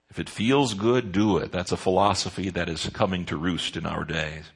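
A man's voice: lowish voice, vocal fry, fairly bright tone, breathy edge. A man preaching a sermon in an earnest way, stressing key words with rises and drops. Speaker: pastor.

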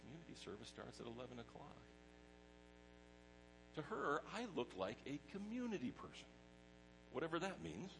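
A middle-aged pastor preaching a sermon in a conversational way, mixing personal stories with scripture. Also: male voice, mid-range voice, sing-song, normal speed, creaky, long pauses, background noise.

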